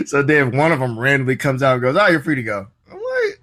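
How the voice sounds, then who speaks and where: Animated male podcast guest. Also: medium pitch, fast. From Ohio, USA. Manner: animated, swears freely, acts out his own reactions. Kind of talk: casual storytelling.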